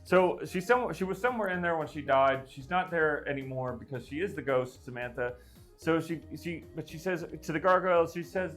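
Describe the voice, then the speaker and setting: A fairly high-voiced man improvising a gory comic story live. He rambles, stalls on fillers and restarts often. Music plays faintly behind him. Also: expressive, brisk, a bit bright. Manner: rambling, many restarts and fillers, gleefully gruesome. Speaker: storyteller and streamer.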